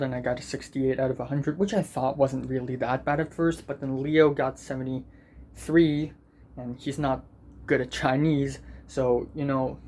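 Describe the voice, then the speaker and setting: A man's voice: medium pitch, darkish tone, slight background noise. Angry, swearing teenage boy ranting. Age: teens. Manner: angry, profane, self-deprecating venting. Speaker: student vlogger. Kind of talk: ranting vlog.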